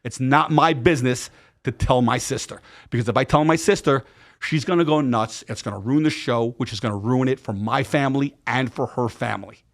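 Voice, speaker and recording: A man's voice: medium pitch, a little fast. A middle-aged man, a podcast guest, telling a candid story with lots of slang and swearing and acting out what people said. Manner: animated, profane, slangy retelling with acted-out quotes.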